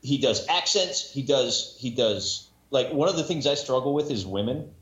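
A man's voice: mid-range voice, animated, moderate pace, fairly bright tone. A man in casual podcast chat about narrating audiobooks, rambling with many restarts and self-mocking asides. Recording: echoey room, dull lo-fi sound.

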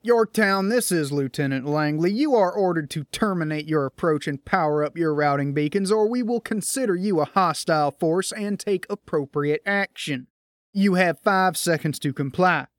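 A man's voice: a little high, moderate pace, dry recording, studio quality, lightly acted. A man voicing a stern male officer giving orders over a radio channel. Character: stern male officer, hostile colony approach control.

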